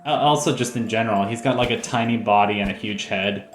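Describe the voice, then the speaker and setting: Low-voiced rambling game commentator man. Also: fairly quick, hardly any pauses, reverberant, faint music behind. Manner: rambling and jokey, full of "like". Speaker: let's play host. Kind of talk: casual gameplay commentary.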